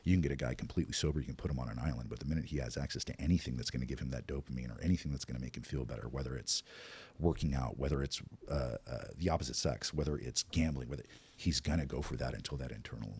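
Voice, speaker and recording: A man as a podcast guest, telling his recovery story in a candid, self-deprecating, animated way. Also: extremely low pitch, racing, slightly rough.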